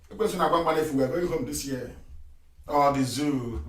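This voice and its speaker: A man's voice: fairly high pitch, unhurried, recorded from a distance. A man giving a live radio address, emphatic and repetitive, chuckling between points. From Nigeria. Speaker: political broadcaster. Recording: roomy and off-mic.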